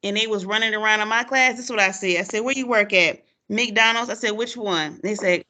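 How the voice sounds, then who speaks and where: Bright, lively woman telling classroom stories. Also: mid-range voice, fairly quick. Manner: animated storyteller, acts out quotes, laughs often. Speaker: podcast host, former teacher. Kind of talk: casual chat with a friend.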